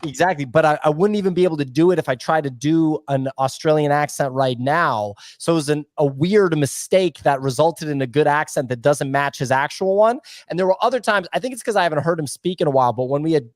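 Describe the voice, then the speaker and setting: A man's voice: fairly high pitch, a little fast, hardly any pauses, no echo. A man co-hosting a casual podcast chat, teasing the others in joking banter. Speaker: podcast co-host.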